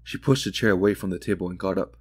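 A man with a low voice reads a literary short story in a calm, measured way, as an audiobook made for drifting off. The sound is dry and close, with no room around it. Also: slightly rough, no echo. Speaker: audiobook narrator. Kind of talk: calm audiobook narration for sleep.

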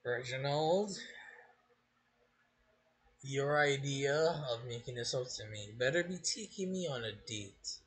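A man's voice: medium pitch, slow pace, pauses often, fairly bright tone, husky. A young man giving sarcastic, swearing commentary while playing a game. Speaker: gaming streamer. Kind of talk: let's play commentary.

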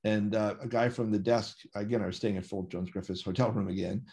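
A man telling a personal story in a relaxed, anecdotal way, acting out the dialogue of the people in it. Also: on the low side, quick pace. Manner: vivid anecdotal storytelling, acts out dialogue with quoted voices. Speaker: interview guest. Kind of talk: casual storytelling.

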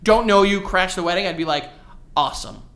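A young man co-hosting a podcast, telling stories in a loose, animated way and swearing often. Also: sits high, brisk. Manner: animated storytelling, swears a lot. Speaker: podcast co-host. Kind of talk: casual chat.

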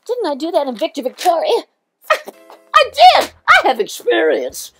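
A woman's voice: high-pitched, normal speed, vocal fry, faint music behind, heavily acted. Woman impersonating a gushing older showbiz diva. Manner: gushing, rambling, excitable. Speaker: comic impressionist. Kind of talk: comic celebrity impression monologue.

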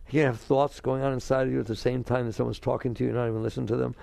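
A man giving a spiritual talk to an audience. He is animated, keeps asking his listeners questions, and acts out the inner voices he quotes. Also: medium pitch, racing, gravelly, no room sound. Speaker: spiritual teacher.

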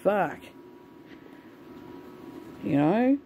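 A woman's voice: medium pitch, very animated, drawn-out words, creaky, warm tone, a little hiss or hum, poor audio. A woman venting in a casual, swear-filled monologue to the camera. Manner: swears a lot, ranting. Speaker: vlogger.

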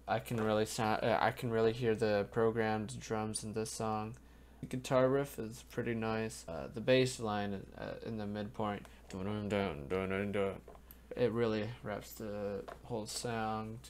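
A man's voice: on the low side, slight background noise. A young man giving casual, rambling commentary on music for a reaction video, sleepy and yawning, often trailing off into ums and restarts. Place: home room in front of a webcam. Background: faint music playing.

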